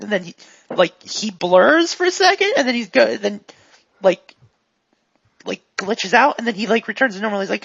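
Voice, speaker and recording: A woman running a tabletop role-playing game in a husky, gravelly voice, rambling along with lots of "like" and "um". The sound is dry and close. It comes through a dull, lo-fi recording. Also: mid-range voice, moderate pace, no echo. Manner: relaxed, rambling, full of "like" and "um". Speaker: game master.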